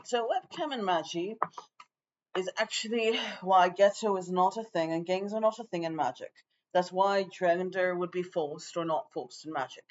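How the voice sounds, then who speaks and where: A man's voice: high-pitched, normal speed, muffled recording. A man improvising a loose, rambling lecture as a self-styled teacher of a magic class.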